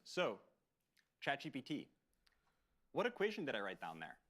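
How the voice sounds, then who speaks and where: A man's voice: mid-range voice, huge pitch swings, normal speed, fairly bright tone. A man presenting in a live product demo, casual and upbeat.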